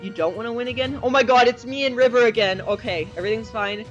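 A man giving excitable live commentary while playing an online game, with a desk microphone. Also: very high voice, dull audio. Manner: excitable, quick reactions and exclamations. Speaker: gamer. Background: faint game music.

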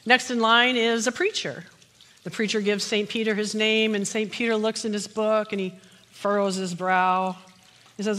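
Woman pastor, sermon, fairly high bright voice, long church reverb. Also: normal speed. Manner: opens with jokes, then steady teaching. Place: church sanctuary.

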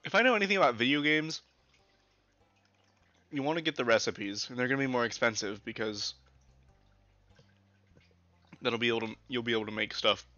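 A man's voice: mid-range voice, brisk, long pauses, bright, forceful tone, no room sound. A man streaming a let's play, chatting and joking with his chat and swearing casually. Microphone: older desk mic. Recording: dull lo-fi mic. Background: faint game music.

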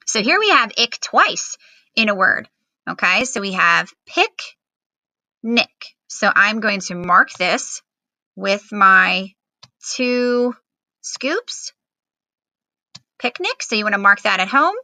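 A woman's voice: mid-range voice, very animated, slow, pauses often, pushed and bright, no room sound, poor audio. A woman teacher giving a recorded phonics lesson to children at home, patiently spelling out words with fillers.

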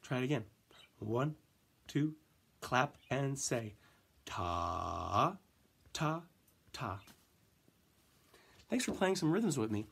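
A man teaching a music lesson to children, counting in and chanting rhythm syllables with gentle encouragement. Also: mid-range voice, very animated, takes it slowly, gravelly, pauses often, slightly rough.

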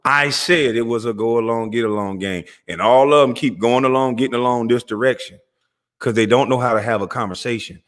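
Speaking at a medium pitch, a man hosts his own channel with a heated monologue in street slang. He's confrontational throughout, mocking listeners and calling them out again and again with repeated phrases.

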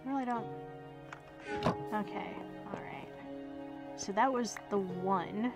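Speaking slowly in a medium-pitched voice, a woman who hosts gaming videos comments casually on what she's playing. She chats with herself and the game, slipping into whispers at times, over loud background music.

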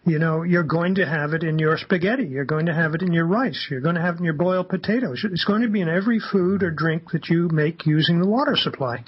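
A man, a radio guest, telling anecdotes in an animated way and acting out the quoted dialogue. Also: a little high, fast talker, hardly any pauses, husky, muffled recording. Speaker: guest, campaigner. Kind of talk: anecdotal storytelling on a radio talk show.

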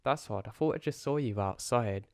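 A man's voice: mid-range voice, normal speed, no echo, lightly acted. An anxious young woman keeps asking questions, voiced by a man telling the story. The voice stays close to his own, lifted only slightly. It is recorded close and dry. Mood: worried. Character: worried young woman, the narrator's girlfriend.

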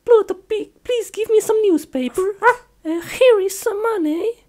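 A woman's voice: very high voice, a little slow, dark tone. A woman playing a doting dog owner who gushes tearfully over her pet. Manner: gushing, tearful baby-talk to a pet.

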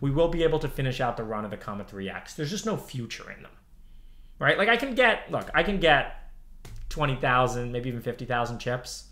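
A man's voice: medium pitch, sing-song, fairly quick, bright, forceful tone. A man in his thirties ranting on a livestream, heated and profane, repeating himself as he answers chat. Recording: roomy echo.

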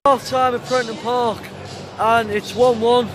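A man narrating his matchday vlog from a stadium stand, excitable and shouting, his voice hoarse from all the shouting. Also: extremely high pitch, measured pace. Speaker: football fan vlogger. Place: outdoors in a packed stadium stand. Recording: loud crowd noise over the voice. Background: loud chanting football crowd.

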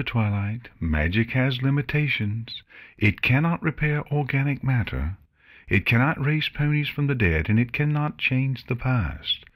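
A man voicing a wise, stately female princess pony who lectures her student gravely in an audiobook reading. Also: medium pitch, pitched above the performer's own voice. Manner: grave, instructive.

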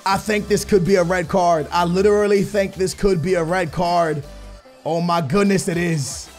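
A young man doing loud, slangy live commentary over a football video game, his voice strained from shouting. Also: sits high, steady tone, normal speed, soft background music. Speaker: gaming YouTuber.

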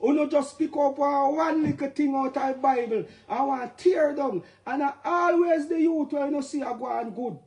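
Jamaican male musician, high-pitched, heated preachy monologue with sudden shouts. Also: normal speed, hardly any pauses. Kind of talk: impassioned straight-to-camera rant.

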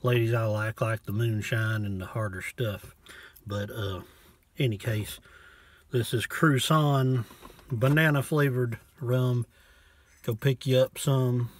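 A man casually reviewing a bottle of rum from inside his parked truck, talking in a folksy, low-key way and cussing now and then. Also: fairly even intonation, slow. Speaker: vlogger reviewing liquor.

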